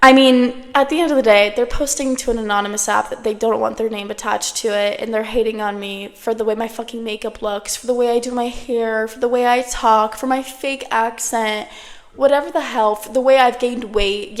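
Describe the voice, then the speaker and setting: A woman's voice: on the high side, fairly even intonation, moderate pace. A woman in her twenties hosting her own podcast, talking casually to camera from home, full of "like" and the odd swear. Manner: chatty, peppered with "like" and swearing. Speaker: podcast host. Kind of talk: casual solo chat to camera. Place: at home, indoors. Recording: long room reverb.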